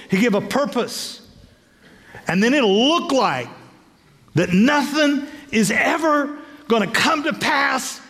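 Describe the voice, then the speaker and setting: Man in his 60s preaching, high lively voice, playful storyteller, swoops all over. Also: big-room sound. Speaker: bishop preaching. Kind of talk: sermon.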